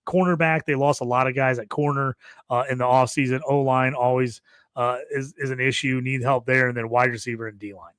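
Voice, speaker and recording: A man's voice: mid-range voice, a little fast, clear, resonant tone, dry recording, studio quality. A man co-hosting a casual sports podcast, talking loosely and acting out quotes while he rants. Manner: animated, rants with acted-out quotes. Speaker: podcast co-host.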